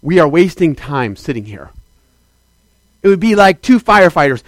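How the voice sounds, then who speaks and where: A man preaching a sermon as a pastor, swinging between loud declarations and quiet asides and calling out to the congregation. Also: a little high, sing-song, normal speed, pauses often, dry recording. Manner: calls out to the congregation for affirmation.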